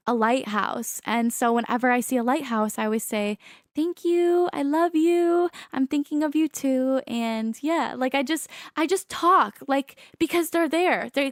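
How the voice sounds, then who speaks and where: Young woman podcast host, high voice, dry close sound, rambling casual chat full of fillers. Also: no echo. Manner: chatty, many fillers and self-corrections.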